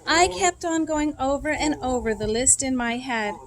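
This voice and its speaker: A woman's voice: high voice, moderate pace. Woman reading a children's book aloud. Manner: expressive, acts out the dialogue. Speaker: reader.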